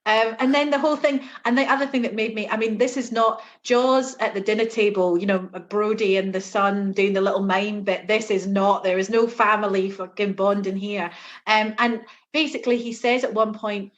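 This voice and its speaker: Sarcastic woman reviewing a film. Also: medium pitch. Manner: lively, sarcastic, quick to laugh. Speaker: movie review podcast co-host. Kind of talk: casual chat.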